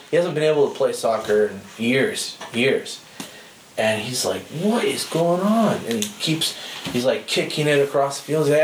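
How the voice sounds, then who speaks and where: A man's voice: medium pitch, slight background noise. A man giving an informal sermon, telling stories in a conversational way and laughing often. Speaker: speaker teaching a church group. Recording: roomy hall with faint ambience.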